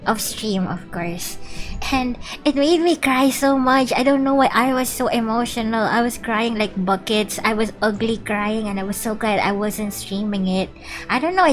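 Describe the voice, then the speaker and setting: A woman chatting bubbly and casually with viewers while playing a game on stream. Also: mid-range voice. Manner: chatty and bubbly, reading out chat.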